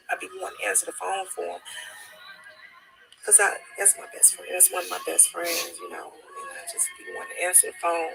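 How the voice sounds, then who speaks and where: A woman speaking as a distraught grieving mother, halting and repeating herself, dropping to near-whispers and then rising again. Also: on the low side, gravelly, low-quality recording. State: distraught, on the edge of tears. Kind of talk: emotional personal testimony.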